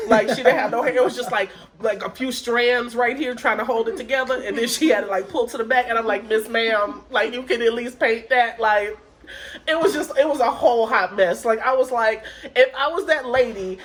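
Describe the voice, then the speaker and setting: A woman's voice: on the high side, brisk. Laughing woman telling a story. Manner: laughing storyteller, profane, acts out quotes. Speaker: podcast co-host. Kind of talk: casual podcast chat.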